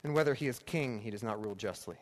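Talking fast in a mid-range voice, a male preacher delivers an emphatic sermon that builds its points by repeating phrases. Long reverb and a faint hum of background noise fill the recording.

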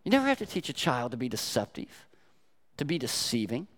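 An older man preaching a sermon, telling stories emphatically with sharp swings in loudness. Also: medium pitch, wildly swooping pitch, fairly quick. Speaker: pastor.

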